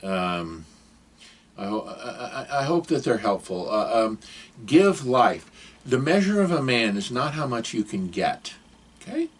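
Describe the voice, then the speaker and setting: Older man, husky voice, casual monologue, rambling, digressive, preachy advice. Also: mid-range voice, sing-song, a little slow. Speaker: vlogger giving advice.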